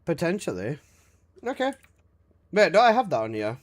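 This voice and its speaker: A young male game streamer with a noticeably high voice. He chats casually with his viewers, reading their messages aloud and answering with swearing and laughter. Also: huge pitch swings, normal speed. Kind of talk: casual live-stream chat.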